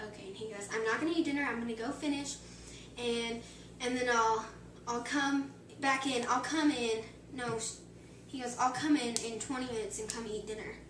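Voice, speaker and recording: A teenage girl telling a long joke to friends in a chatty, rambling way, full of "like" and "he's like". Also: fairly high pitch. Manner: chatty, filler-heavy storytelling. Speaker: joke teller. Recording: far-off echoey room with loud background noise.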